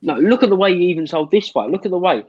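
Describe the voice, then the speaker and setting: A man's voice: sits high, expressive, fast talker, darkish tone, husky, no echo. A British man co-hosting a casual debate, hesitant and stammering when he is pressed. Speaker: co-host. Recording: dull dry mic.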